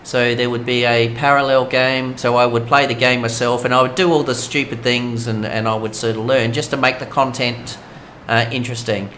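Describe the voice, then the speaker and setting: Australian male streamer, mid-pitched, chatty and rambling, steady noise behind. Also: moderate pace, few pauses. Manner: chatty, rambling, talks to viewers while playing. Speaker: game streamer. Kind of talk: casual live-stream chat.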